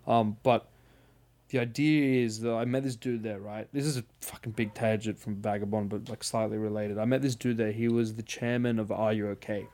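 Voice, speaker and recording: A man's voice: fairly low pitch, a little fast. Casual rambling man on a podcast. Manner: rambling, swearing, animated storytelling. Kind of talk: casual chat.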